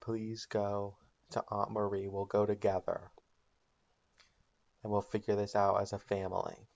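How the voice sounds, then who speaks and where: A man's voice: on the low side, monotone, a little slow, vocal fry, darkish tone, lo-fi sound. Man voicing a weary pleading mother. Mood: tender.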